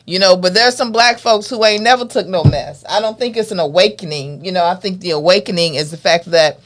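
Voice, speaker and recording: Unhurried woman co-host making points. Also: lowish voice. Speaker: podcast co-host. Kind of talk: casual chat.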